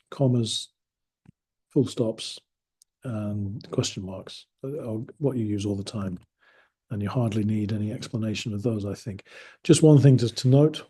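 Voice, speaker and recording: A man's voice: mid-range voice, dark tone, slightly rough. A man from England giving a casual spoken lesson as an English teacher, rambling and correcting himself with dry amusement.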